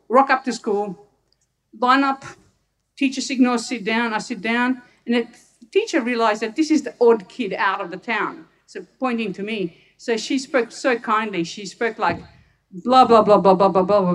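A woman's voice: fairly high pitch, a bit bright, distant mic. A woman from Hungary who is a doctor, telling personal stories to an audience and laughing often. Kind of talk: personal storytelling talk to an audience.

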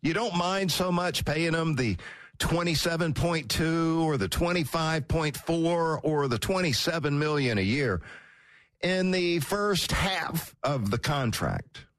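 Animated sports radio host. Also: male voice, a little high, unhurried, no echo, studio quality. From Georgia, US. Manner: animated, wry, chatty. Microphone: studio mic.

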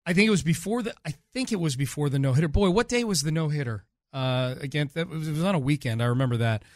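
A man hosting a casual sports talk show, chatting about the team and reading statistics out slowly and deliberately. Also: a little high, lively intonation, a little mellow, no echo, clean studio sound. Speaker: sports radio host.

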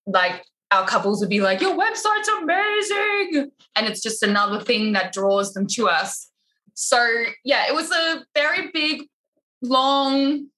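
A woman chatting casually about her photography business, animated and full of filler words. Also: a little high, poor audio. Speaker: wedding photographer, podcast guest. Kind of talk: casual podcast chat.

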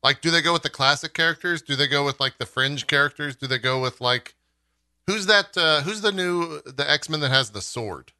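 A man co-hosting a podcast in casual chat, joking and pitching silly ideas. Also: moderate pace, pushed and bright, no echo, studio quality. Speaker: podcast co-host. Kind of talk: casual pop-culture chat.

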